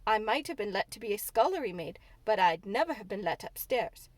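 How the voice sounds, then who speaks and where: A woman's voice: mid-range voice, sing-song, a little fast, no echo, close to an everyday voice. A woman voicing a young, chatty, good-natured housemaid with a broad Yorkshire accent. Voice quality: broad dialect, homely and frank.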